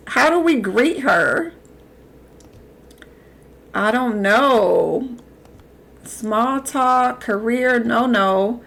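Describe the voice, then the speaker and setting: A young adult woman streaming live, giving animated gameplay commentary and talking back to the characters on screen. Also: fairly high pitch, slow, creaky, long pauses.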